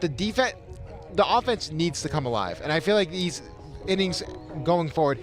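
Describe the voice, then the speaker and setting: A young man from calling a high school baseball game in a loose, rambling way, often restarting his sentences. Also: animated, moderate pace, soft background music. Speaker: play-by-play commentator. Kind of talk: casual sports commentary.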